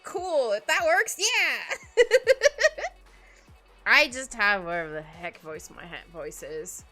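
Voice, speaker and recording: A woman's voice: medium pitch, lively intonation, takes it slowly, bright, forceful tone. A young woman streaming as she draws, chatting casually, giggling often and rambling. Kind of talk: casual chat while drawing on stream. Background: faint background music.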